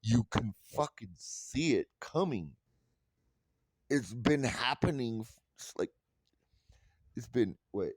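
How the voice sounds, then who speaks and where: A man's voice: medium pitch, animated, slow, pauses often, no echo. A man delivering an angry, profane commentary rant, blunt and scornful, restarting words as he gets worked up. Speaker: online commentator.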